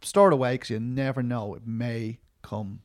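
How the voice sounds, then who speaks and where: A man's voice: medium pitch, fairly even intonation, normal speed, a little mellow. A middle-aged man, a documentary filmmaker, answering interview questions in a rambling, self-deprecating way, full of restarts and fillers.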